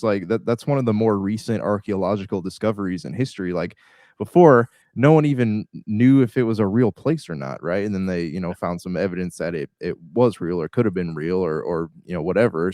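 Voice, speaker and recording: Young man, very low voice, laid-back podcast co-host, dry sound. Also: darkish tone, no room sound. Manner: agreeable, loose, uses "like" and "man". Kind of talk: casual chat. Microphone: remote call mic.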